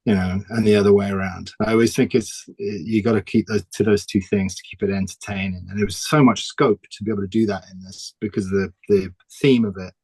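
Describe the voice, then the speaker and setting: Low-voiced man, dry sound. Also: fairly even intonation, fairly quick, few pauses, darkish tone, breathy edge, dry recording. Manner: chatty, laughs often, restarts sentences. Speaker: comic artist guest. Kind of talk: casual interview chat.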